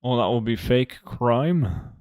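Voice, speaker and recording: A man's voice: medium pitch, animated, takes it slowly, a little mellow, dry recording, studio quality. A young man from Norway chatting casually with friends while gaming, joking and swearing as he rambles. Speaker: streamer.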